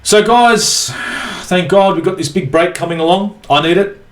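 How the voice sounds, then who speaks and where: A man's voice: sits high, moderate pace, reverberant. An Australian man ranting angrily as a football fan vlogger in a profane, exasperated match review. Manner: angry, sweary, exasperated.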